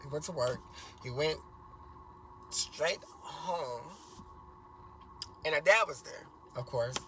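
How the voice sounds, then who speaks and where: High-voiced man telling a rambling story. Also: slow, bright, forceful tone, slight background noise. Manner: rambling, repeats phrases, swears freely. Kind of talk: casual storytime vlog.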